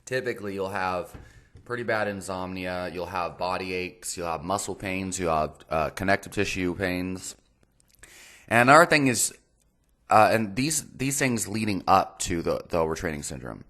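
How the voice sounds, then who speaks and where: A man's voice: deep voice, animated, normal speed, fairly bright tone. A man hosting a fitness channel, blunt and exasperated, swearing freely as he reads and comments on a viewer's message. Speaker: fitness and nutrition channel host.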